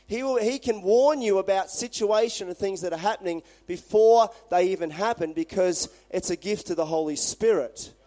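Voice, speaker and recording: Brief: male pastor, fairly high voice, conversational animated sermon delivery. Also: moderate pace, hardly any pauses. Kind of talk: sermon with scripture reading.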